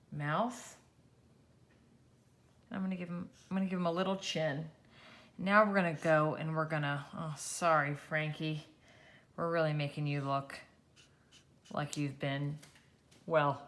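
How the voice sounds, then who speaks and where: A woman teaching a children's drawing lesson, gently talking through each step as she draws. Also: low voice. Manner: gentle, encouraging, talks while drawing. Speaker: art teacher.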